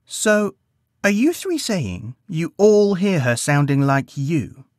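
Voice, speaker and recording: An earnest young boy of the forest asks puzzled questions in a lifted, lively voice, as a man reads him aloud. The sound is dry and close. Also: a little high, slow, no room sound, pitched above the performer's own voice. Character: young male forest child, earnest and curious.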